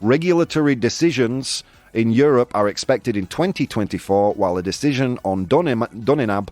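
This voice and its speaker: A man's voice: mid-range voice, animated, brisk, a little mellow, dry recording. Guy hosting a chill news stream, jokey and self-deprecating, laughs a lot, voice jumps around, dry sound. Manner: chatty and self-deprecating, laughs often, stumbles over hard words. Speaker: podcast host. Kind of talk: casual live-stream news chat.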